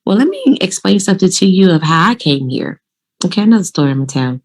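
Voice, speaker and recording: Animated woman telling a vlog story. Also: lowish voice, quick pace. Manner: animated storytelling, informal and direct. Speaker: vlogger giving law of attraction tips. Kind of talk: casual motivational vlog talk.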